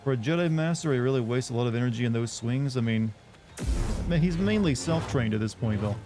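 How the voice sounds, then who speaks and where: A man's voice: medium pitch, expressive, brisk, warm tone, faint music behind. A man chatting casually while streaming a game, rambling and answering his chat. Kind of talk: casual let's-play chat.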